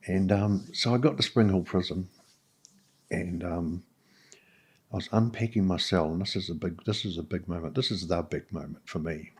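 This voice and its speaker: A middle-aged New Zealand man speaks in a low, husky voice. He tells his own story candidly and haltingly, with many "um"s and restarts along the way. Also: steady tone, a little mellow. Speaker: podcast guest.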